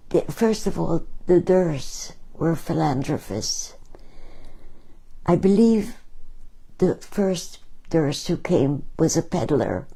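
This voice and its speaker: A woman's voice: low voice, warm tone, husky, rough recording. A woman painter talking casually about her paintings, telling stories with emphasis. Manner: slow, storytelling, emphatic.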